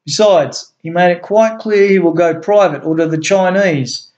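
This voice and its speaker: An earnest male agency chief pleads his case to a room of officials, as a man reading a story voices him. He speaks a little higher than the reader's normal voice and presses his points with insistence. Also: normal speed, a little mellow, dull audio, a little hiss or hum, natural voice.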